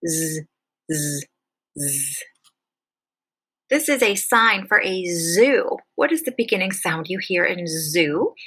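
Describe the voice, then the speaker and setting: A bright, clear-voiced woman teaching young children over video, speaking very slowly and deliberately. She draws out each letter sound with patient, careful enunciation, a warm classroom teacher for little ones. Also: lowish voice, low-quality recording. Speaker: kindergarten teacher. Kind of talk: slow, clear classroom phonics lesson.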